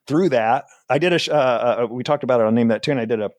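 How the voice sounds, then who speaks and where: A man's voice: medium pitch, fast, a little mellow, dry recording. A man in his forties from New Jersey, a comedian chatting as an interview guest in a rambling, self-deprecating way and laughing often. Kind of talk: casual interview chat.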